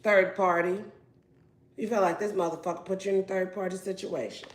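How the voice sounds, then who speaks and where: Brief: brash, profane woman tarot reader, average pitch, roomy echo. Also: fairly even intonation, a little fast. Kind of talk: casual tarot reading.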